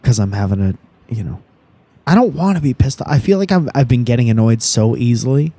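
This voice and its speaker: A man's voice: mid-range voice, lively intonation, a little fast, mellow, husky. A young man co-hosting a casual podcast, rambling and joking with crude, profane humor. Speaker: podcast co-host.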